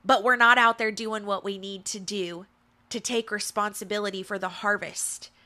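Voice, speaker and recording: A woman's voice: mid-range voice, fairly even intonation, normal speed, bright, forceful tone. A woman hosting a faith-based motivational talk, speaking in an emphatic, repetitive, preacherly way. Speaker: podcast host.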